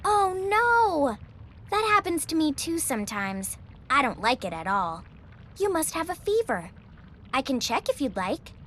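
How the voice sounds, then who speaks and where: A woman's voice: high-pitched, very animated, normal speed, slight background noise, full character voice. A woman voicing a fearless, cheerful little girl explorer in a storybook, eager and a bit bossy. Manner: bright, eager, bossy-kind. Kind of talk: storybook character voice.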